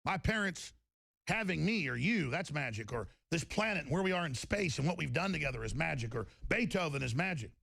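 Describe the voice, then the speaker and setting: A man's voice: on the high side, expressive, a little fast, gravelly, a bit bright, no echo. A man hosting a talk-radio show, delivering an emphatic, rambling monologue and often repeating himself.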